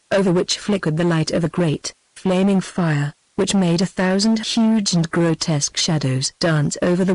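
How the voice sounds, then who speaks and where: A synthetic woman's voice with a British accent narrating an audiobook in an even text-to-speech delivery. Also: lowish voice, no room sound, low-quality recording. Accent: British English. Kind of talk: scripted narration.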